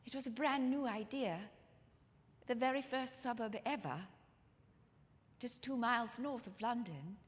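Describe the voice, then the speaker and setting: A woman's voice: fairly high pitch, measured pace, long pauses. A woman storyteller telling a life story in the first person, in character, with a dramatic, intimate manner that speaks straight to the audience, performed live in a church hall. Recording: long hall reverb from a live room.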